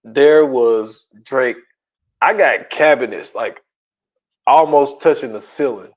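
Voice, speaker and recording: A man co-hosting a podcast in casual chat, telling stories in loose, slangy, animated speech. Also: mid-range voice, takes it slowly. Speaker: podcast co-host. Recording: dull lo-fi audio.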